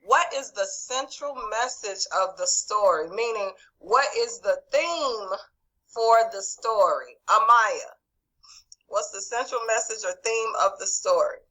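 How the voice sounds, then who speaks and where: A woman's voice: a little high, a little slow, bright, forceful tone, low-quality recording. A woman teaching over a video call, reviewing a quiz and calling on students by name in an encouraging way. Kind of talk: online class quiz review.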